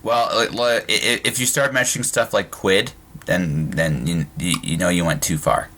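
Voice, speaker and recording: A man with a notably deep, low-pitched voice hosts a relaxed podcast conversation. He talks his way to each point, stumbling over restarts and doubled words as the thought forms. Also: husky. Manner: halting, with frequent restarts and repeated words. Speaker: podcast host. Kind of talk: casual conversational interview.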